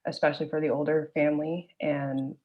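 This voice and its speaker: A woman making a practice referral pitch, earnest and hesitant with many ums. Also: flat delivery, fairly quick, highs cut off. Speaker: networking group member. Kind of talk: practice referral call role-play.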